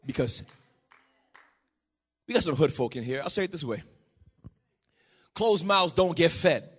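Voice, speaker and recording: A male pastor preaching a sermon in a church, building to shouted peaks and dropping to quiet, low passages. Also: expressive, measured pace, slightly rough. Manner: shouting, rising to emphatic peaks.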